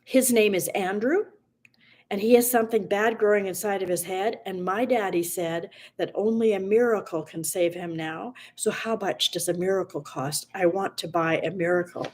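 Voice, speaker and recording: A woman reading aloud gives voice to an earnest little girl pleading for her sick brother. The lines come soft and fairly quiet, at times sinking to a whisper, in a mid-pitched voice. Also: moderate pace, lightly acted.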